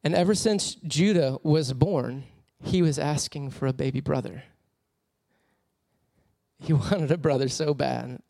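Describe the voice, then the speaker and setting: A man preaching a sermon as a personal story, animated and laughing often as he tells it. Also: on the high side, a little slow, gravelly, no echo, studio quality.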